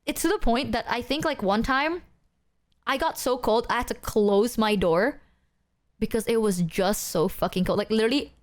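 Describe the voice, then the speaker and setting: High-voiced young woman ranting to chat. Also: normal speed. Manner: animated, swears a lot, rants. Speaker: streamer. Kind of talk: casual chat with stream viewers.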